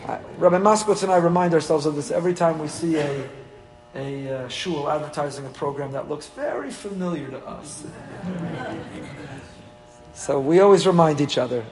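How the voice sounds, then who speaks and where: A man, a rabbi, teaching a weekly Torah class in an animated way, acting out little dialogues with humor. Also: fairly high pitch, moderate pace, soft background music. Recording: long hall reverb.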